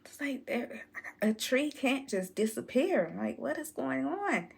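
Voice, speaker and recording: A woman telling a childhood story to her viewers in a relaxed, drawn-out way. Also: high voice, creaky, husky. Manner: slow, drawn-out storytelling, addresses viewers as y'all. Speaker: channel host. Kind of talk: casual storytelling vlog.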